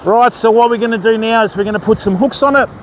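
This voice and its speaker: A high-pitched man talks fishing gear while he casts from a stormy beach. His easygoing live-stream chatter greets viewers by name and keeps calling them mate. Faint wind and surf hiss sit under his voice. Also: quick pace. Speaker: fishing livestream host.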